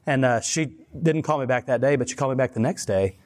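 A man's voice: mid-range voice, fast talker. A man preaching in a casual, conversational sermon style, telling stories with many restarts and laughing at himself. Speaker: pastor.

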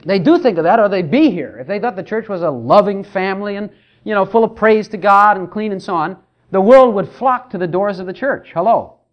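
A middle-aged male pastor delivers a sermon in a church, his voice pitched high and swinging widely in melody. He slips into quoted voices of churchgoers as he makes his points. The recording is dull and lo-fi. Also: lively intonation, brisk.

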